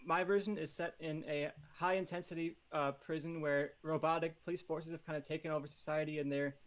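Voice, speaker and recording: A man pitching a movie idea on a comedy podcast, rambling and joking with many fillers. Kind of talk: casual comedic podcast chat.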